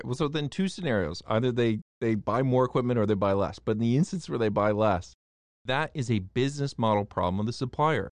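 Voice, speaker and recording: A man from the United States debating on a casual talk show, animated and emphatic, often restarting his words. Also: medium pitch, no echo.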